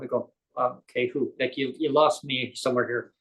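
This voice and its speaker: A man's voice: mid-range voice, fairly even intonation, brisk, fairly bright tone, poor audio. A man, a guest on a live interview show, tells a personal story in a rambling way, often correcting himself and acting out quoted dialogue.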